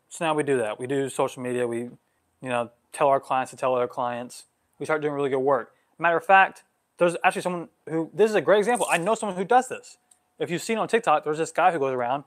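A man in his twenties, a vlogger answering follower questions on a livestream, animated, getting worked up, with many "like" fillers. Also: on the high side. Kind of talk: livestream Q&A monologue.

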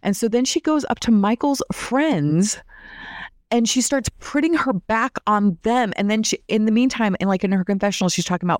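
A woman's voice: mid-range voice, expressive, moderate pace, dry recording, studio quality. A woman recapping a reality TV episode in a casual, opinionated way, saying "like" often. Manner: chatty and opinionated, heavy use of "like".

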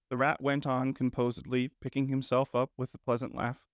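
A man narrating a classic storybook in a measured, gentle, unhurried manner. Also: medium pitch, flat delivery, no room sound, studio quality. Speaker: audiobook narrator.

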